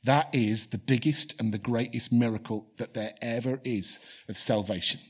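A man's voice: medium pitch, steady tone, moderate pace, breathy edge. A man preaching a sermon and leading a prayer, earnestly repeating key phrases for emphasis. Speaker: pastor.

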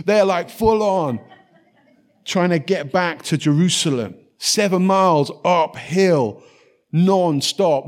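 A man, preaching a sermon in a lively storytelling way and dropping to soft, quiet tones for scripture. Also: high voice.

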